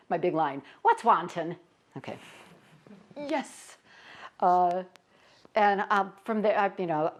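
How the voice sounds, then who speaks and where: A woman's voice: low-pitched, a little mellow. An older woman, a stage performer, telling stories in a casual interview and laughing often as she talks.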